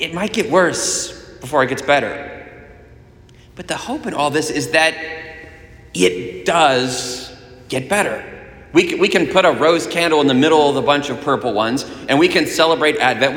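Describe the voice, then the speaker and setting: A man giving a conversational sermon, casual and animated, often restarting his phrases. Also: mid-range voice. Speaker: preacher. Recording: echoey room with long reverb.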